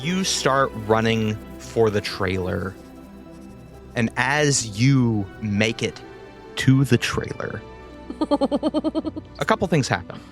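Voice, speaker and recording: A man narrating as game master of a tabletop fantasy game. He tells the story very slowly and dramatically, with a lively pitch that moves a lot. A faint music bed plays behind.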